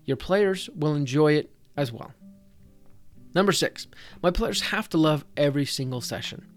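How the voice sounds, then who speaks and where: A man's voice: on the high side, expressive, normal speed, faint music behind. Upbeat man giving tabletop game tips. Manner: direct, conversational, addressing the listener. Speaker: podcast host, dungeon master. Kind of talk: scripted tips talk.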